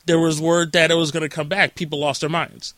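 An upbeat man hosts a podcast in easy, chatty conversation. His voice is bright and a touch high, and the recording is dry and close. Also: little pitch movement, a little fast, no echo. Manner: chatty, upbeat, self-mocking. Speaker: podcast host. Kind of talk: casual interview chat.

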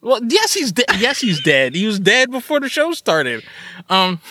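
A man's voice: high-pitched, sing-song, moderate pace, bright, forceful tone, no room sound, clean studio sound. A young man hosting a podcast, joking around and laughing through his lines. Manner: giggly, joking, breaks into laughter. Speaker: podcast host. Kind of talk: casual chat.

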